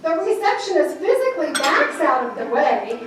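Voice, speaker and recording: Brief: high-pitched woman, lively motivational speaker telling stories, heard from far off in a reverberant hall. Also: moderate pace, noisy background. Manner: animated, laughing often, acts out voices in her stories. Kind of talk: storytelling keynote speech. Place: large event hall with audience.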